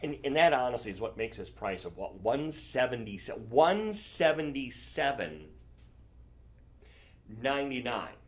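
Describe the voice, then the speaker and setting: A man's voice: mid-range voice, very animated, a little slow. A man hosting a live shopping stream, selling jewelry in a chatty, enthusiastic way and correcting himself as he goes. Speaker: shopping channel host.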